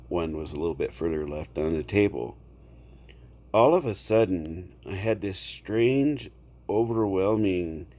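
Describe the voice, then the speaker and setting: A man casually telling a personal story to camera, unhurried, checking in with the listener now and then. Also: deep voice, mellow. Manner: unhurried, with fillers and repeated "okay?" check-ins.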